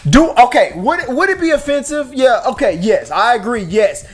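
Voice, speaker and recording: A man's voice: very high voice, big pitch swings, normal speed, few pauses, faint music behind. A man co-hosting a casual live-stream movie talk show, making his points with emphatic rhetorical questions. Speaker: podcast co-host.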